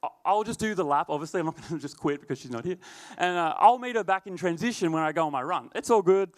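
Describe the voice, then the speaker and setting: Young aussie guy preaching to youth, high-ish voice, smooth, laughs a lot, lots of "like". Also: animated, fast. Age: young adult. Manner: laid-back, laughing often, chatty filler words. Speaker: youth leader. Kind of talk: youth sermon with storytelling.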